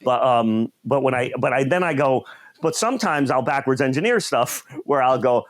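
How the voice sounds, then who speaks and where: A man hosting a comedy podcast, telling stories in a rambling, animated way. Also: medium pitch, moderate pace, dry recording. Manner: rambling, animated storytelling with laughs. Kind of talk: casual chat.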